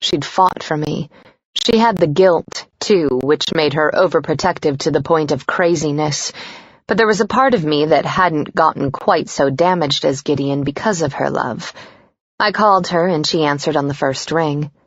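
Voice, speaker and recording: A woman narrating a first-person romance audiobook in a soft, intimate, steady way. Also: deep voice, moderate pace, dry recording, highs cut off.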